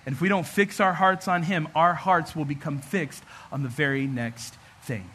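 Male pastor, lively joking sermon, high-pitched, bright tone. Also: a little fast, hardly any pauses, a little hiss or hum. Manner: animated, humorous preaching with acted-out asides.

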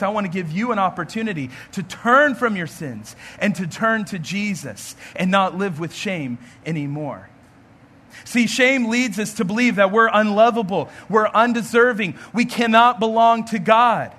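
A man's voice: sits high, fairly bright tone. A man, a pastor, giving an earnest storytelling sermon and acting out the voices in the story.

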